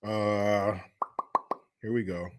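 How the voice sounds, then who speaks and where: A man's voice: lowish voice, steady tone, very slow, slight background noise. A man hosting a casual live show, reading viewer comments and riffing with crude jokes and profanity. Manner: crude, joking, drawling asides with profanity.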